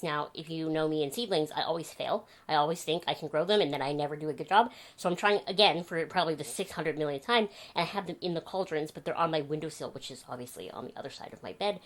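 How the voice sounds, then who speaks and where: Chatty young woman telling stories at home. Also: deep voice. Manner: chatty, animated storytelling with laughs. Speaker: vlogger. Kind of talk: casual chat to camera. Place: home bedroom.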